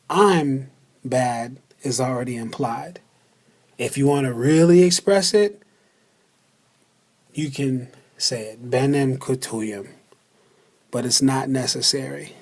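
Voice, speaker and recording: A man teaches a beginner language lesson alongside a slideshow, speaking at a medium pitch. He goes slowly and deliberately, repeating words so the listener can practise.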